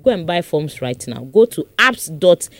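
A woman radio host with a Ghanaian English accent, joking with her co-host and reading sponsor messages in a lively, teasing way. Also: on the low side, no room sound. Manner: teasing, jokey, reads numbers and ads briskly. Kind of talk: playful radio chat and sponsor reads. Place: radio studio.

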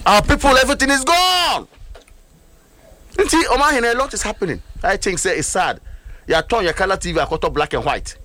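A middle-aged man with a Ghanaian accent delivers heated political commentary, emphatic and packed with rhetorical questions, switching between languages. His high-pitched voice is expressive and sharp, and he speaks fairly quickly.

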